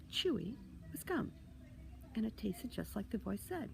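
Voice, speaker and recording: Gravelly-voiced woman reading a story. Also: mid-range voice, moderate pace, a little hiss or hum, poor audio. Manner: expressive, dips into hushed asides. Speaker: author.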